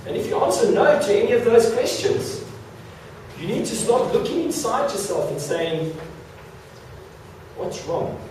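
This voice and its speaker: A man's voice: extremely high pitch, big pitch swings, noisy background. Joking male speaker in an echoey hall. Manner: playful, joking, repeats words in quick restarts. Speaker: motivational speaker. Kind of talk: stage talk with audience interaction. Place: large hall before an audience. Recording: echoey hall, mic far off.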